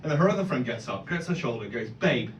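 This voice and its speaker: A man doing an animated stand-up set, swearing and breaking into loud exclamations. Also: mid-range voice, racing, muffled recording, slight background noise. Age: 30s. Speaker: stand-up comedian. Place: comedy club stage. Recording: echoey club heard from a distance. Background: audience laughter.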